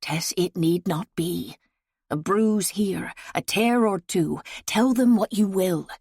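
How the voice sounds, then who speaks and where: A woman reading the part of a grown man in a period romance, speaking low, hushed and measured. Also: creaky, slightly rough, no echo, clean studio sound, heavily acted. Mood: tender. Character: grown man, tender yet stern and reluctant.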